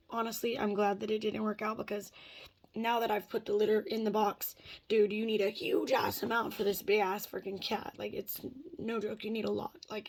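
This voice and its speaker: Rambling, cursing woman vlogger. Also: mid-range voice. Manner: rambling, profane, says "dude" and "like" a lot. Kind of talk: casual chat.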